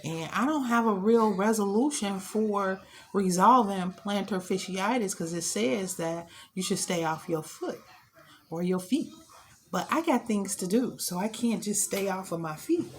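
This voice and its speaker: Casual young woman vlogger, mid pitch, talks straight to camera with light noise behind. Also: lively intonation, unhurried. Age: young adult. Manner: chatty, candid, addresses viewers as y'all. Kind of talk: casual vlog chat to camera. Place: at home, later at a gym.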